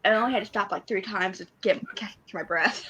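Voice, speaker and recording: Woman, podcast co-host, casual chat, excitable, giggly, mid-pitched voice. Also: brisk, slightly rough. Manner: excitable fan storytelling, giggly.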